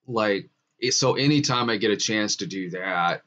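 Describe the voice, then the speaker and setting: Low-voiced man in casual chat. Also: normal speed, pushed and bright, highs cut off. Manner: rambling, many fillers and restarts. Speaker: host. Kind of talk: casual live-stream chat. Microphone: video call.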